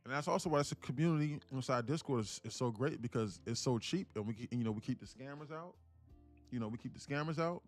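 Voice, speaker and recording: A man with a New York accent talks through a live day-trading stream in a casual, off-the-cuff way. His speech is loose and profane, full of street slang, and he repeats phrases in chant-like runs. His voice sits at an ordinary male pitch, with faint music playing underneath. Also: fast. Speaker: day-trading livestream host.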